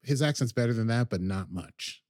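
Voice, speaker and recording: A man of middle pitch talks casually through a story recap, wandering off track and circling back with plenty of ums and half-finished phrases. His voice sits close and dry, with no room sound around it. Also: lively intonation, normal speed, a little mellow, no room sound. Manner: rambling, hesitant, many ums and restarts. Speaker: podcast host.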